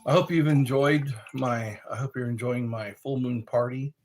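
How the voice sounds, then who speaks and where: A middle-aged man hosts a casual livestream in a slightly mellow voice with fairly even intonation at normal speed. He rambles, reads chat messages aloud, and breaks into high howls and quoted lines.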